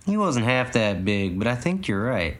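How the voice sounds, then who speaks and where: A man voicing a weary small-town policeman who speaks low and cautiously. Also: big pitch swings, moderate pace, close to an everyday voice. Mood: hushed.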